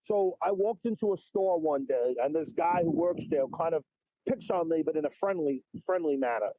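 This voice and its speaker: High-voiced rambling man, lo-fi sound. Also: moderate pace, mellow, no echo. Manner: rambling, repeats words, stop-start. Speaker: interview guest, musician. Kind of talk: casual interview chat.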